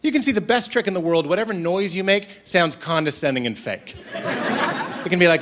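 A male stand-up comedian performing a routine on stage, animated and mocking as he acts out characters. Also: high voice, brisk, background noise. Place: comedy stage before an audience. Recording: live stage set with loud crowd laughter.

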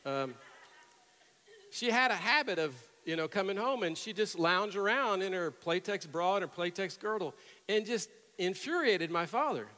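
A middle-aged male pastor preaching a sermon, telling stories and rising to loud, emphatic peaks. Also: sits high, animated, normal speed. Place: church sanctuary with long reverb. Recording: reverberant church hall.

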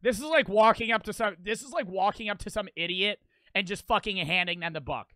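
A man's voice: sits high, fairly quick, bright, forceful tone, dry recording. A young man streaming a reaction video, with profane, mocking, rambling commentary.

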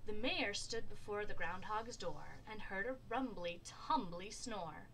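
Slow, expressive storytime librarian woman. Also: mid-range voice, slight background noise, poor audio. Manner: slow, expressive rhyming read-aloud. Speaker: children's librarian. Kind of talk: storytime picture book read-aloud.

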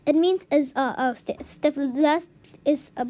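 A woman with a high, warm voice vlogs at an unhurried pace while doing a language lesson. Confused and giggling, she sounds out unfamiliar words to herself as she comments casually.

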